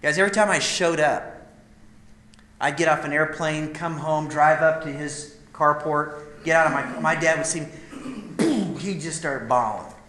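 A man preaching a sermon, telling a personal story with emotion that swells and drops to near a hush. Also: a little high, normal speed, echoey room, a little hiss or hum. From Idaho, USA. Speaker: speaker at a men's gathering.

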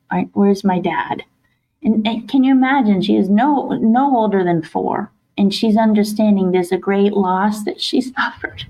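A woman telling a personal family story on a podcast in a heartfelt, halting way, with soft laughs. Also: mid-range voice, dull audio. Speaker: guest, author and wife of host.

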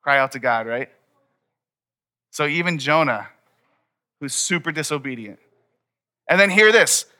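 Young male pastor, bright and a touch high, casual sermon delivery. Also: lively intonation, measured pace, pauses often. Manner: casual, conversational preaching with many "like"s. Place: church hall before a congregation.

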